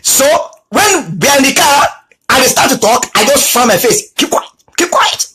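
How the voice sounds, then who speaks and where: A man's voice: very high-pitched, expressive, normal speed, sharp tone, poor audio. A middle-aged man preaching a sermon, telling stories and repeating key phrases for emphasis. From Nigeria. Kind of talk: sermon with storytelling.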